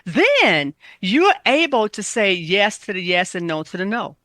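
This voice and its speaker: A woman's voice: medium pitch, sing-song, unhurried, fairly bright tone, no room sound. A woman health coach giving casual, emphatic self-care advice, repeating her points.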